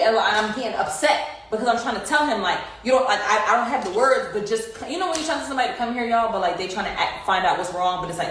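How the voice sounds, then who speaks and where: A woman's voice: fairly high pitch, fast talker, a bit bright. A young woman casually telling her viewers an emotional story, rambling with many fillers. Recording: distant, very echoey room, faint noise.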